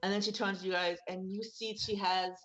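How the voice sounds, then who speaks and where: A woman's voice: mid-range voice, steady tone, brisk, fairly bright tone. Rambling woman game master, muffled mic. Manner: casual, rambling with many fillers. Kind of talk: narrating a tabletop game.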